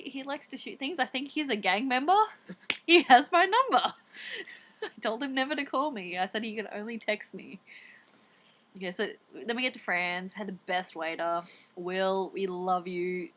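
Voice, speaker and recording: A young Australian woman chatting casually, telling animated stories with acted-out quotes. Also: fairly high pitch, moderate pace. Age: young adult. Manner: animated storytelling with acted-out quotes, swearing and laughing. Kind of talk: casual chat.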